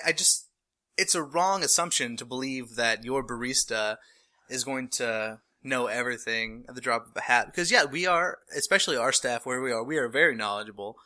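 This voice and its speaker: A man from North Carolina chatting casually as a podcast co-host, rambling and animated, with laughing outbursts. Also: medium pitch. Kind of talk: casual chat.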